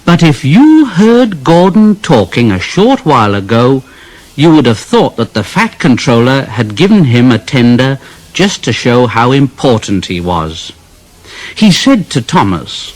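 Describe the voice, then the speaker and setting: A man reading a children's storybook aloud in an expressive, unhurried way. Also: medium pitch. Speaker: reader.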